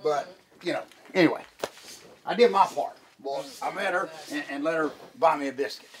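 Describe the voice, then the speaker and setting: Man, podcast co-host, high pitch, winded, rambling and folksy. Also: moderate pace, slight background noise. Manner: rambling folksy storytelling, calls partner "boy". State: out of breath. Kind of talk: casual chat.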